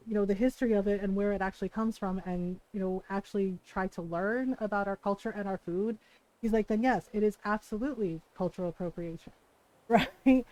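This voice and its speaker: A woman's voice: mid-range voice, low-quality recording. A woman streamer chatting casually while playing a game, telling stories animatedly, cursing freely and quoting people. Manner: animated storytelling, swears freely, quotes people in voices. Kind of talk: casual chat while gaming.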